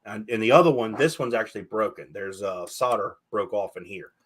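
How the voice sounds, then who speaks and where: A man's voice: on the low side, a little fast. A man hosting a casual podcast chat, telling stories with animation and swearing freely. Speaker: podcast host.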